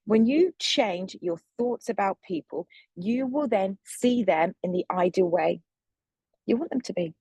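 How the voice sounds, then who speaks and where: A young woman speaking as a manifestation coach, teaching in a measured, earnest and gentle way. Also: medium pitch, expressive, husky, no echo. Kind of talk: calm spiritual teaching monologue.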